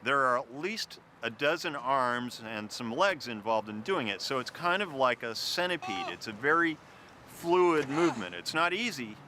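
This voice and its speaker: Wry man with a lively delivery. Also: mid-range voice, normal speed, slight background noise. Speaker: show host. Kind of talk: casual interview. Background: music.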